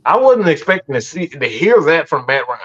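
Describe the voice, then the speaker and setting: Here the host's voice is a little high and sing-song, fairly quick and fairly bright. He's a sports podcaster on a live post-game reaction show, exasperated, swearing a lot, and stammering as he starts over. It's captured as dull lo-fi stream audio.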